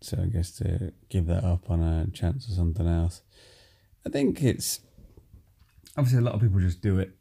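A man's voice: deep voice, fast talker, gravelly, few pauses, mellow, husky. A man hosting a casual podcast chat, easygoing and thinking aloud as he talks. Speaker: podcast host.

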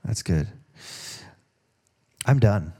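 A man's voice: lowish voice, expressive, very slow, warm tone, slightly rough. A man preaching a sermon as pastor of a church in a conversational way. He asks the congregation questions and acts out voices in quoted dialogue. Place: church service.

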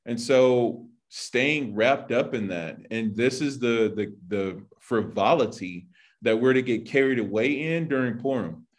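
A man preaching an informal sermon to his congregation. He talks loosely and conversationally, leaning on "like" and "you know" as he works through a passage. His voice sits at an ordinary middle pitch for a man. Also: unhurried. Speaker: Bible teacher.

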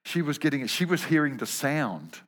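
A man's voice: fairly high pitch, big pitch swings, normal speed, fairly bright tone, big-room sound. A man preaching a sermon, telling humorous stories and often repeating words as he goes.

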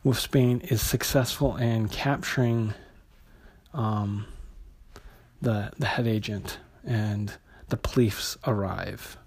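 A man's voice: lowish voice, fairly even intonation, slow, a little mellow, slightly rough. A man casually retelling and reviewing a comic book issue, hesitant, with many fillers and restarts.

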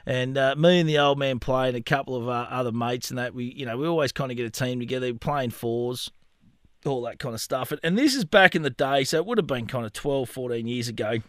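A man in his thirties hosts a podcast, spinning a rambling, funny story in casual chat and often laughing at himself. His mid-range voice is brisk, recorded in studio quality with no room sound.

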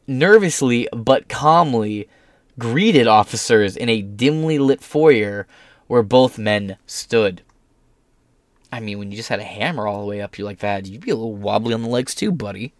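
A man's voice: mid-range voice, dry recording, studio quality. Sarcastic man reading the news aloud. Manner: sarcastic and crude, laughing at his own jokes; shifts between slow reading and fast asides. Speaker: political commentary host. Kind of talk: reading news articles aloud with running commentary.

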